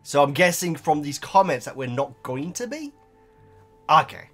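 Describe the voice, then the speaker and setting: A man's voice: on the high side, big pitch swings, moderate pace, pushed and bright, soft background music. A British man reading and answering viewer comments in a casual chat, talking hesitantly with many stumbling restarts.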